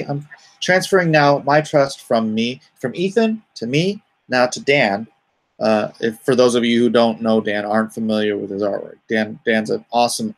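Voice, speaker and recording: Gravelly middle-aged man chatting on stream. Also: medium pitch. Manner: rambling, reads viewer comments aloud and answers them. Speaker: comic artist hosting a live stream. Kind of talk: casual live-stream chat.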